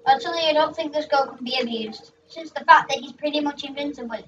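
A young gaming host rambling through excitable let's play commentary, shrieking at what happens in the game. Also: high-pitched, fast talker, few pauses, a little hiss or hum. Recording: dull, distant mic with faint music.

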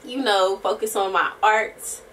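A young woman vlogging in a casual, rambling chat to camera, slangy and profane, often laughing and sometimes breaking into soft singing. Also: mid-range voice, a little slow, recorded from a distance, a little hiss or hum.

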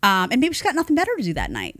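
A woman in her thirties hosting a casual commentary show, chatty and animated, laughing often. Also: medium pitch, very fast, dry recording, studio quality. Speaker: host.

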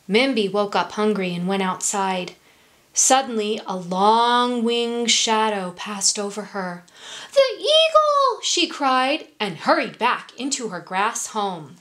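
Slow gentle woman reading a picture book. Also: medium pitch. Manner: gentle, with hushed whispered asides. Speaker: storyteller for children.

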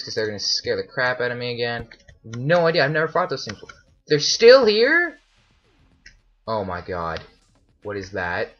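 A man's voice: on the low side, dull audio. A man commentating his own gameplay, easily startled and often yelping in alarm. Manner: jumpy, often shouts in alarm. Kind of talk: let's play commentary.

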